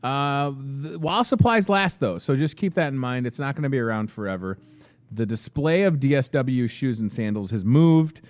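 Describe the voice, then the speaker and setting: A man's voice: medium pitch, lively intonation, moderate pace. A man hosting a live local morning show from a grocery store, talking casually and upbeat into a handheld microphone, with asides to the crew.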